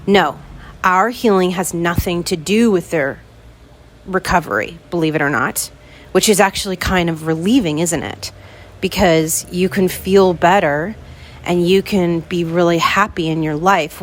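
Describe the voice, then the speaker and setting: A woman's voice: lowish voice, a little hiss or hum. A woman hosting a podcast, chatting casually and speaking straight to her listeners. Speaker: podcast host.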